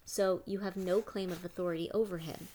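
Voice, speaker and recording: A woman voicing a stern male state official who talks in a crisp, brisk manner. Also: fairly low pitch, fairly even intonation, warm tone, a little hiss or hum, natural voice. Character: authoritative male attorney general, stern official.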